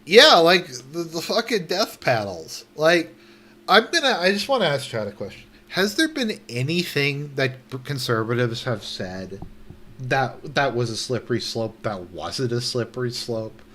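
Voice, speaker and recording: A young man giving casual commentary while reading a news article aloud, indignant and sarcastic, swearing, halting and restarting often. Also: medium pitch, sing-song, pushed and bright. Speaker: online commentator.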